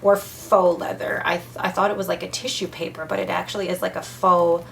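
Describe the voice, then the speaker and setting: A young adult woman gushes excitedly while unboxing a new fountain pen, chatting casually and restarting her sentences. Her fairly low, creaky voice runs a little fast, with a bit of hiss or hum in the background.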